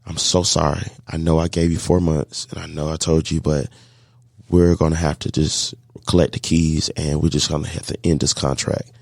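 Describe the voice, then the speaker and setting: Man, deep low voice, gravelly, animated storyteller, acting out conversations, dry close mic. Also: moderate pace, no echo. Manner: animated storyteller acting out dialogue, faith-filled. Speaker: guest, catering business owner. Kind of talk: storytelling in a podcast interview.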